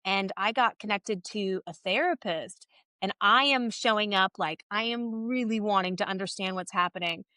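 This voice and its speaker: A woman guest on a podcast, candidly telling a personal story in a casual, animated way and reenacting conversations as she goes. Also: mid-range voice, normal speed, clear, resonant tone, no room sound.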